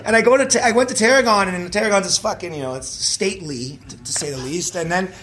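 Fast-talking young man, high voice. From Canada. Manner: animated, swearing, many fillers. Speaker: actor telling his story. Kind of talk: casual storytelling chat.

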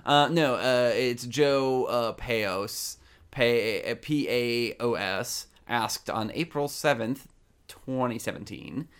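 Unhurried male co-host, chatty and hesitant, full of ums, medium voice. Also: medium pitch, clear, resonant tone. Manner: halting, lots of ums and laughs. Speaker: podcast co-host. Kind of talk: casual comedy advice chat.

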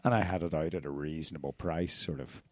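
A man co-hosting a podcast, chatting casually with a relaxed, wry manner. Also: rumbling low, fast talker, no room sound. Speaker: podcast co-host and artist.

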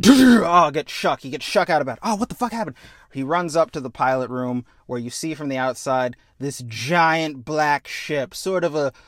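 Animated man pitching a film story. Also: moderate pace, few pauses, dry recording, studio quality. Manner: animated, acts out characters with profanity. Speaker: podcast co-host.

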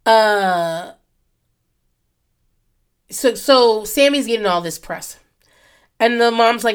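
A woman's voice: mid-range voice, takes it slowly, long pauses, smooth. A woman in her thirties hosting a solo podcast, talking casually into her mic, swearing freely and drifting off on tangents. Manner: rambling, profane, goes off on tangents. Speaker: podcast host. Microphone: podcast microphone.

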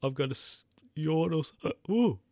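A man's voice: on the high side, animated, normal speed, warm tone, no room sound. A man telling stories casually to camera as a vlogger, rambling and chatty. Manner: rambling, chatty, with mock-quoted voices.

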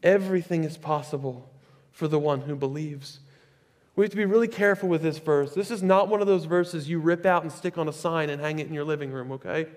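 High-voiced pastor guy preaching, chatty and animated, long echo in a big church hall. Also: a little fast. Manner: conversational, animated preaching with asides. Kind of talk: sermon. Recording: echoey hall with long reverb.

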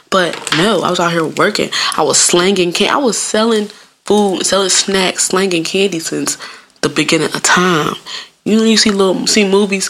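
Young woman host, lowish voice, swears and laughs through a loose comedic monologue. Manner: profane, laughing, animated storytelling. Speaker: podcast host.

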